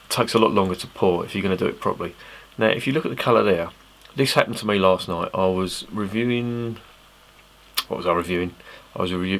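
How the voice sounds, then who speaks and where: Deep-voiced English man, chatty beer vlogger. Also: vocal fry, a bit bright, a little hiss or hum. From England. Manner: chatty, swears freely, self-mocking asides. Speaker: beer reviewer. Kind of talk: casual rambling tasting review.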